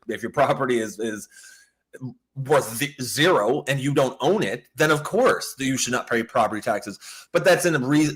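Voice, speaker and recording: Man, mid-pitched, blunt political talk, profanity, stammering restarts. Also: a bit bright. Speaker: political talk show co-host. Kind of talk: casual political commentary.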